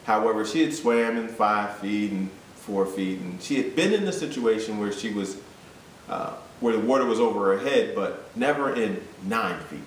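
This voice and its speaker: A man's voice: fairly low pitch, normal speed. A man, a fitness coach, telling a story and turning it into a motivational talk, often repeating himself as he builds to urgent appeals. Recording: echoey room, voice from a distance, background hum.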